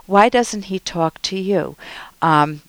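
A woman's voice: medium pitch, takes it slowly, no room sound. A woman psychologist hosting an advice show, explaining feelings in an earnest way and acting out quoted parents now and then. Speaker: clinical psychologist and host. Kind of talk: radio advice talk.

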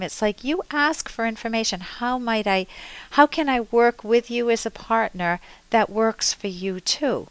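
A woman's voice: a little high, unhurried, clean tone, no echo, rough recording. A woman hosting a call-in advice show as a therapist, coaching the caller and acting out sample conversations with him. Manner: coaching, role-plays dialogue with caller. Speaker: radio advice host and therapist.

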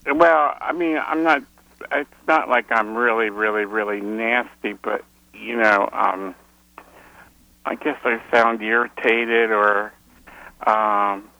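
A man's voice: lowish voice, fairly even intonation, slow pace, vocal fry, sharp tone, no echo. A man calling in to an advice show, talking hesitantly over a phone line. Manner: hesitant, many fillers, laughs nervously. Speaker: caller. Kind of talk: phone-in conversation.

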